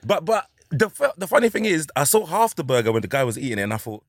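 A man's voice: a little high, sing-song, fast talker, dry recording, clean studio sound. A man with a North London accent, chatting animatedly as a podcast guest, saying bro a lot. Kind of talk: casual chat.

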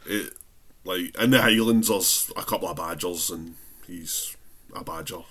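A man's voice: low voice, unhurried, fairly bright tone, breathy edge, no room sound. A man chatting on a podcast, dropping short sweary asides. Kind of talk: casual chat.

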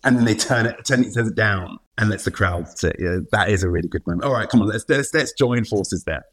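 A man's voice: lowish voice, fairly quick, husky. A man, an actor guest, chatting casually and animatedly, laughing often and acting out quotes. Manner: animated, laughing, full of restarts and acted-out quotes. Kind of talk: casual interview chat.

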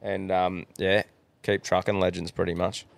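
A man's voice: low-pitched, level tone, moderate pace, creaky, no echo. A young Australian man co-hosting a casual podcast, laid-back and encouraging, swearing freely. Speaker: podcast co-host.

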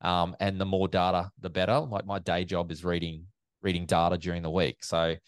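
A man, an event MC chatting in an interview as a lively storyteller, with many fillers and restarts. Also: low voice, a little fast, clean tone, no room sound. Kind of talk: casual interview chat.

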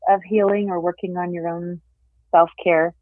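A woman in her thirties, a guest expert, calmly explaining and acting out example phrases in casual conversation. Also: fairly low pitch, normal speed, no echo. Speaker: podcast guest, perinatal mental health specialist. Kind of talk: casual interview chat. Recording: phone-line audio, dry.

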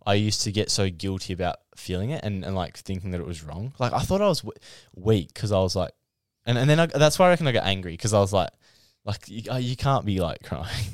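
Low-voiced young man. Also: fast talker, hardly any pauses, dry recording, studio quality. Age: young adult. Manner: animated, restless, lots of "like" and restarts. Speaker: podcast co-host. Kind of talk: casual chat.

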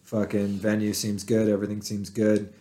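A man's voice: fairly low pitch, monotone, normal speed, warm tone. A man, a writer talking as a podcast guest, rambling and swearing in a self-deprecating way. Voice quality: nerdy voice. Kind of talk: casual chat.

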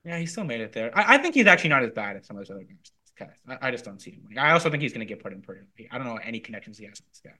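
Rapid, animated man talking TV. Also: mid-range voice. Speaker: podcast guest. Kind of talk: casual reality TV chat.

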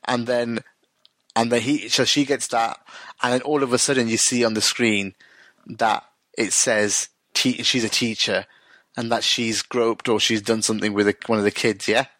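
In this casual chat, a man recaps a TV episode as co-host, restarting often and quoting the characters' dialogue as he rambles along. He speaks in a mid-range, fairly bright voice with a level tone at a moderate pace, and there's no echo.

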